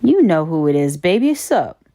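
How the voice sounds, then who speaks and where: A man's voice: a little high, very animated, normal speed, dark tone, dry recording, studio quality. A woman voicing a smug, mocking young male online gamer who taunts in a sarcastic tone.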